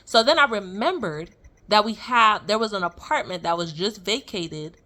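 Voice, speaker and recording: Bright-voiced woman telling a story. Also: medium pitch, moderate pace. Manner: animated, chatty, full of fillers, laughs while telling. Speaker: vlogger sharing a testimony. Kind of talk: casual storytelling.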